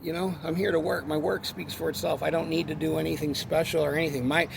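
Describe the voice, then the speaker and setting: A man's voice: fairly high pitch, level tone, quick pace, creaky, background noise. A man telling an angry, profane story about a run-in with a coworker, rambling and heated. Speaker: forklift worker.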